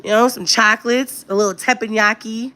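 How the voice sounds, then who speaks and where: A woman's voice: fairly high pitch, fairly even intonation, a little fast, bright, forceful tone. A woman hosting a casual livestream chat, talking candidly and directly to her viewers. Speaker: livestream host.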